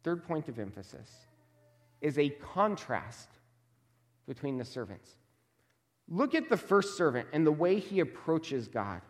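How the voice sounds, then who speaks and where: Male pastor, sermon, emphatic, measured, slightly high voice, long hall reverb. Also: sing-song. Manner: emphatic, measured, slows for stress.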